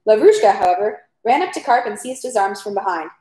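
A woman's voice: medium pitch, fairly quick. Woman reading a novel aloud, echoey. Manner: steady reading with occasional stumbles. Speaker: reader. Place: at home. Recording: roomy echo.

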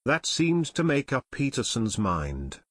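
Expressive male audiobook narrator. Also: mid-range voice, a little slow, breathy edge. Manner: expressive, voices every character.

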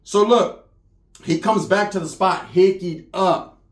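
A man's voice: sits high, slow, reverberant. A man telling a crude comic story in slangy, profane speech. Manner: slangy, profane, acts out voices of people in the story.

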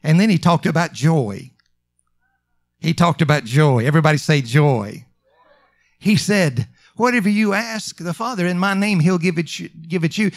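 A man preaching a sermon, drawing out some phrases slowly and rising to emphatic calls. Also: on the high side, lively intonation. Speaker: pastor.

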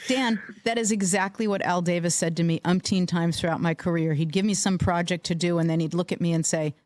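A woman's voice: on the low side, steady tone, a little fast, darkish tone, no room sound. A woman co-hosting a sports podcast, talking in an emphatic, outspoken way. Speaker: co-host. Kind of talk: casual sports podcast chat.

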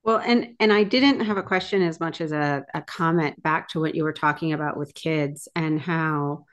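A woman's voice: low voice, moderate pace. Chatty woman podcast host. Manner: chatty, tells personal anecdotes. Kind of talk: casual interview conversation.

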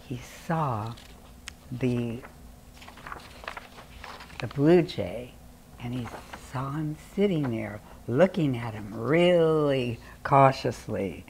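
An older woman telling a children's story in an expressive, animated way. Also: very deep voice, slight background noise.

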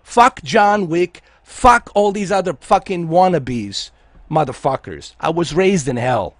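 A man's voice: a little high, expressive, measured pace, fairly bright tone, no echo, clean studio sound. A man from Bosnia, a game streamer delivering an aggressive, profane, taunting livestream rant at his viewers.

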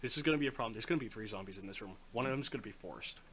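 A man playing a game with a friend, muttering to himself and breaking into loud outbursts. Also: lowish voice, racing, background noise. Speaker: co-op gaming commentator. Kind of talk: casual gameplay chat.

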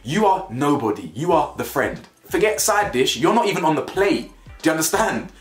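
Lively British man, roomy sound. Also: a little high, normal speed. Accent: British, with urban slang. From United Kingdom. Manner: animated, slangy, blunt, laughs at own jokes. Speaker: reality TV reviewer. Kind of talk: casual opinionated commentary. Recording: roomy echo, faint music behind.

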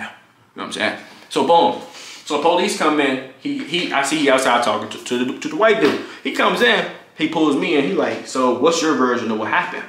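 Fast, animated young man telling a story. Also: medium pitch, slight background noise. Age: young adult. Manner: animated, profane, acts out quotes. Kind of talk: storytime vlog. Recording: echoey room.

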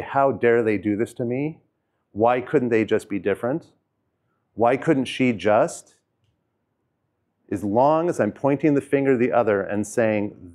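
A man giving a loose self-help talk, with a voice that sits a little low. He rambles with fillers and restarts and goes quiet and soft when the subject gets heavy. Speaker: host sharing personal experience.

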